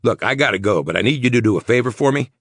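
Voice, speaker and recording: A man voicing a nervous, sweating male mayor, talking in tense, insistent rapid bursts. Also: medium pitch, animated, fairly bright tone, breathy edge, no echo, studio quality, pitched above the performer's own voice. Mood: worried.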